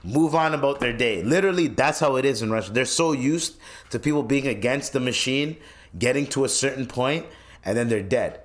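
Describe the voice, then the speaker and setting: On his solo podcast, a man rants in a loose, rambling way, cursing freely and frequently starting over. His voice is medium-pitched and a little fast, with slight noise in the background.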